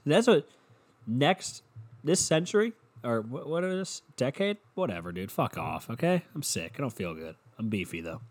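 A man's voice: mid-range voice, big pitch swings, moderate pace. A young man with a stuffy nose from a cold hosts a solo podcast from his room, rambling, sarcastic and swearing constantly, close on a handheld mic. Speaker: podcast host. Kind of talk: casual solo podcast rant. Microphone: handheld mic held close to the mouth.

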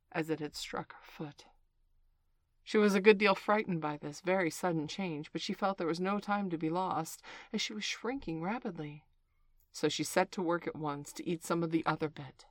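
A woman narrating a storybook aloud in a clear, measured, expressive way. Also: fairly low pitch, no room sound.

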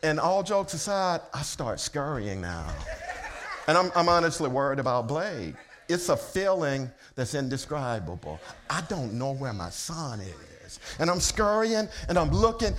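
A man preaching a sermon, telling a personal story in a humorous, conversational way that builds from quiet, low storytelling to loud, excited shouting. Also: moderate pace. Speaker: pastor. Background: congregation laughter.

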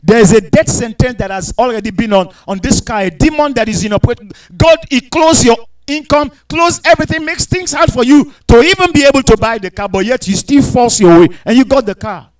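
A man preaching a fervent sermon, reading scripture aloud and swinging between quiet talk and shouted verses while acting out voices. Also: very high voice, animated, fairly quick, few pauses, low-quality recording. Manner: mock voices of people and God.

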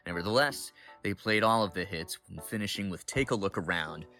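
Low-voiced guy in his 30s reading out a show review, pumped, faint music under it. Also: expressive, brisk, bright, forceful tone. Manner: enthusiastic storytelling. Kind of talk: read concert review.

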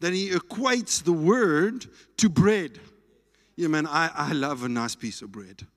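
A man with a South African accent preaching a sermon in a church, animated and playful. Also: a little high, a little slow. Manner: animated, playful preaching with food talk and shouts. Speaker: pastor. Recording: reverberant church hall.

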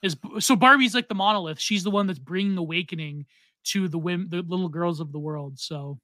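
A man in his thirties co-hosting a casual podcast, reading out donations with loud, excitable exclamations. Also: sits high, fairly quick, no echo. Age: 30s. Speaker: podcast co-host.

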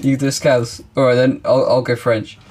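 A man's voice: medium pitch, little pitch movement, normal speed, a little mellow. A man co-hosting a casual podcast, talking in a laid-back, slangy way with filler words. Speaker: podcast co-host.

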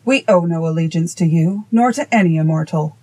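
A woman reading voicing a fierce, arrogant male goblin king with slow, menacing defiance. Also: fairly low pitch, darkish tone, natural voice, low-quality recording. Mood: defiant.

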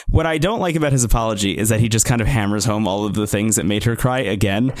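A man's voice: medium pitch, fast, hardly any pauses. A man in his thirties chats through a show recap in a loose, joking way. He lifts his voice to act out quotes. The sound is dry and close, with no room echo. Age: 30s. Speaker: podcast co-host. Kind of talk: casual recap chat.

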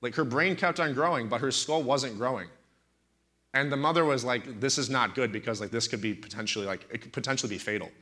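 A man's voice: mid-range voice, fast talker, bright, forceful tone. A man in his thirties, a pastor preaching in a talk-show setting, telling stories animatedly and with indignant emphasis.

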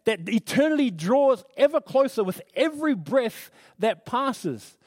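Middle aged guy preaching, high voice, dry sound, earnest chatty sermon with lots of restarts. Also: sing-song, measured pace, a little mellow, no echo. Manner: earnest, storytelling, frequent restarts. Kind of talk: conversational sermon.

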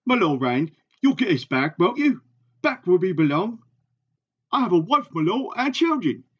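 A man's voice: sits high, sing-song, moderate pace, husky, lo-fi sound, pitched above the performer's own voice, exaggerated voice. A man reading aloud who voices an anxious family man urgently pleading with his lord.

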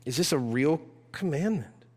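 A man's voice: on the high side, expressive, normal speed, a little mellow. A man, a pastor, preaching a sermon with impassioned, urgent exhortation. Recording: long reverb of a church hall.

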